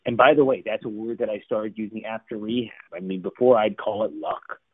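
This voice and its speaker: A man from New Jersey, a life coach and guest, telling his recovery story in an animated, emphatic way. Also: on the low side, a little fast, breathy edge, dry recording. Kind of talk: recovery story told in a radio interview. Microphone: phone line. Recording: tinny phone line, dry.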